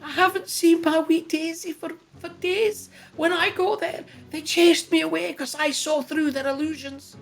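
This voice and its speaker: A woman's voice: very high voice, fairly even intonation, moderate pace, gravelly, hardly any pauses, soft background music, rough recording. A woman voicing a distraught Scottish village mother who pleads for help and drops to fearful whispers. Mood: fearful whispering. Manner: frantic, tearful, dropping to fearful whispers.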